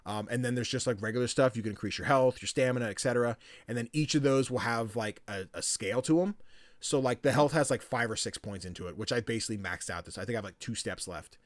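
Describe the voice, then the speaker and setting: A young man talks casually as a podcast host, loose and playful, swearing freely as he rambles. His voice sits at an ordinary middle pitch. The sound is close and dry, with no room echo. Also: fast talker. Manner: loose and chatty, swears freely, acts out game characters. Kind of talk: casual chat about video games.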